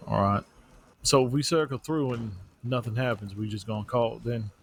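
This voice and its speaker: A man's voice: mid-range voice, normal speed, vocal fry, a little hiss or hum. A man talking in character during a western roleplay, hesitant and apologetic, with frequent restarts.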